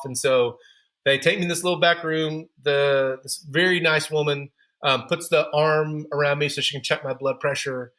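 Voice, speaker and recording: A man in his thirties speaks as a podcast guest, his voice pitched a little high and notably bright and forceful. He tells his story candidly and pokes fun at his own shortcomings. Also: fairly even intonation, moderate pace. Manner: candid, self-deprecating storyteller. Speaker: podcast guest, running store founder.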